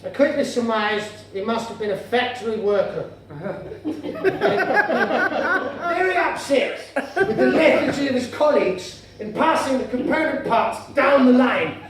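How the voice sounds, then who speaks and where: A man's voice: extremely high pitch, animated, a little slow, distant mic, crowd noise. A man doing stand-up comedy in a pompous, mock-formal, dandyish manner, in a comedy venue before a live audience. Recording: echoey room heard from afar, noisy.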